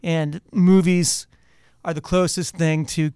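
A man who is a guest actor, talking casually in an interview, relaxed and chatty, laughing now and then. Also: on the high side, slow, clean tone, no room sound.

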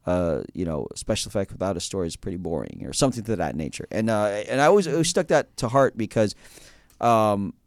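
A man's voice: fairly low pitch, sing-song, a little fast, dry recording, studio quality. A man hosting an interview, talking casually with lots of fillers and restarts, enthusiastic. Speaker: interview host.

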